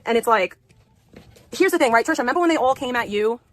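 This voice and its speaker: A woman's voice: fairly high pitch, expressive, fast, no room sound. A woman livestreaming an angry rant, profane and repeating herself.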